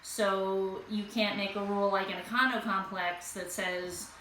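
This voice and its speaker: A woman's voice: medium pitch, flat delivery, measured pace, bright, forceful tone. A woman co-hosting a casual podcast, talking through ideas in a conversational way with plenty of fillers. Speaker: podcast co-host. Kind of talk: casual chat. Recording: echoey room, faint noise.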